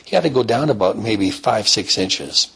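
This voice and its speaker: A man telling a story in a slow, repetitive, drawn-out way. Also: fairly low pitch, lively intonation, vocal fry, fairly bright tone, breathy edge. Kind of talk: told bedtime-style story.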